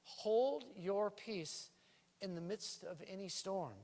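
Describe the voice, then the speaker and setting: Male pastor, lively sermon, high voice, reverberant church hall. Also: slow. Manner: lively preaching with playful put-on island lilt. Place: church sanctuary.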